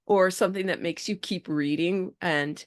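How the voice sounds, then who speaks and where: Chatty woman podcast host, low voice. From Bay Area, California. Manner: chatty, enthusiastic, halting restarts. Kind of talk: casual interview.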